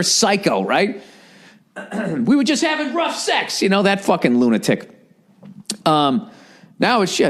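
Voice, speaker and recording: A man in his forties hosting a solo podcast, ranting and swearing, then mocking himself. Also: fairly high pitch. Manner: ranting, profane, self-mocking. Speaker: podcast host. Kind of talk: casual solo podcast monologue.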